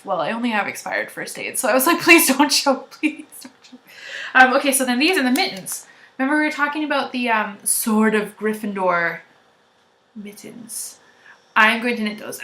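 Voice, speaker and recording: A woman hosting a knitting podcast, chatting loudly to viewers in a gushing, rambling way. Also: fairly high pitch. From Canada. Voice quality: loud. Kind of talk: casual chat to viewers.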